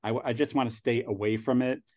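A man's voice: medium pitch, fairly even intonation, a little fast, a little mellow. A man in his sixties with a New York accent, a guest talking casually in an interview and rambling with frequent restarts. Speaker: angel investor guest.

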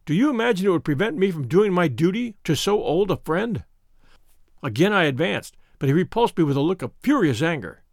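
A man reading a classic detective story aloud in first-person audiobook narration, measured and expressive. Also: sits high, dry recording, studio quality.

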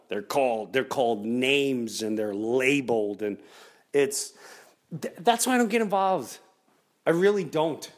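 Animated man ranting with lively pitch. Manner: mimics other people in raised voices. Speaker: podcast host. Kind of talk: animated comedic rant.

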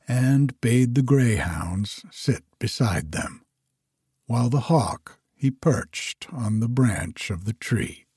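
Slow, husky male storyteller. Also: mid-range voice, no echo, studio quality. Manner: slow, measured, expressive storytelling. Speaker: narrator. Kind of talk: storybook reading.

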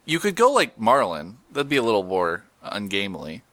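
A man's voice: lowish voice, wildly swooping pitch, normal speed, bright, forceful tone, no room sound. A man hosting a podcast, chatting casually and jokingly, reading listener posts and plugging shows. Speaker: podcast host.

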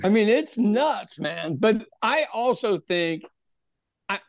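A man's voice: sits high, expressive, takes it slowly, no room sound. A man co-hosting a podcast in casual chat, rambling and repeating words, laughing often. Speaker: podcast co-host.

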